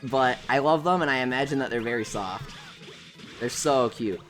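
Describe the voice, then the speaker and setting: A woman's voice: a bass voice, moderate pace, a bit bright, faint music behind. A woman from the United States hosting a casual gaming livestream, chatty and reading viewer comments aloud. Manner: chatty, reads chat aloud, gushes over pets.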